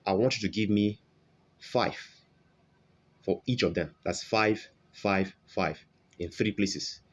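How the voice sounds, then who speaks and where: A man teaching English pronunciation in an online lesson, modelling vowel sounds and repeating examples, often checking in with "okay?". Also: lowish voice. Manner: slow, repetitive, modelling sounds, frequent "okay?" check-ins.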